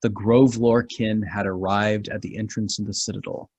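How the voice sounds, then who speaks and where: A man narrating as game master of a tabletop fantasy game, with dramatic pauses. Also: on the low side, level tone, breathy edge, no room sound.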